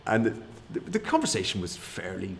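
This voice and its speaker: A middle-aged man tells stories in a loose, rambling way, often laughing at his own punchlines. His voice sits a little low, with faint room sound behind him. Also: huge pitch swings, a little fast, creaky, slight background noise. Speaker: guest. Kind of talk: casual anecdote.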